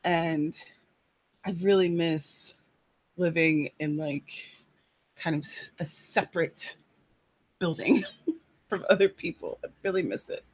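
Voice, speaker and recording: A woman's voice: on the low side, fairly even intonation, slow, long pauses, breathy edge. A woman with a lilt chats loosely to her audience about her writing. Her talk rambles and winds through fillers and restarts. She speaks from a room in her apartment. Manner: chatty, rambling, many fillers. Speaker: writer hosting a live chat. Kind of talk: casual live-stream chat.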